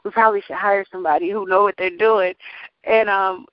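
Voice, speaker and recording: A lively woman singer speaks in an interview with lots of energy, laughing as she talks. The sound is a bit muffled and dull. The room gives almost no echo. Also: mid-range voice, fairly quick. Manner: animated, testifying, laughs often. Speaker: gospel singer and label owner. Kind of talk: casual interview talk.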